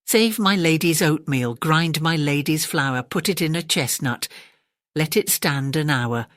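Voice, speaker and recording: A woman's voice: low-pitched, a little slow, no echo, studio quality. An English woman voicing a chorus of tiny cheeky mice, chanting nursery rhymes in a sing-song way.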